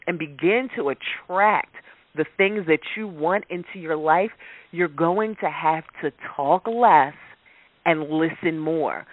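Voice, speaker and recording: A man's voice: high-pitched, dry recording. A man working as a life coach, giving an emphatic motivational talk and repeating his key points. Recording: dry phone-like radio sound.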